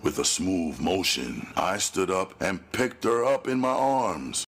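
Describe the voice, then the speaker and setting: A man with a very deep, gravelly voice narrates a gritty first-person audiobook. His husky tone and unhurried pace give the reading a cold, menacing weight. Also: expressive, fairly bright tone.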